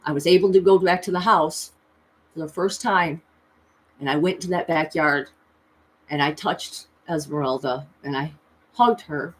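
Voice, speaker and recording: A woman in her thirties telling a personal story in a confessional vlog, emotional and earnest, with pitch jumping high as she recalls pleading. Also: measured pace. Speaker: tarot reader and vlogger.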